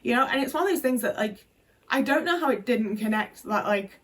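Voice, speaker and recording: A woman's voice: fairly high pitch, animated, fairly quick, a bit bright. Frank woman, slightly distant mic. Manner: frank, emotional storytelling with many fillers and swearing. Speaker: vlogger. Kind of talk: candid personal vlog.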